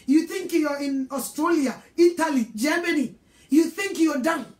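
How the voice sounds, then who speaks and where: High-voiced Ghanaian woman preaching. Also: moderate pace, darkish tone, roomy sound. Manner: scolding, emphatic preaching. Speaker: evangelist. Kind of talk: sermon.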